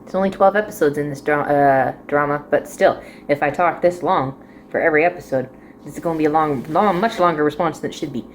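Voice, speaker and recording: A woman's voice: sits low, a little fast, slight background noise. A young woman chatting casually as she reviews a drama, rambling and giggling often as she goes.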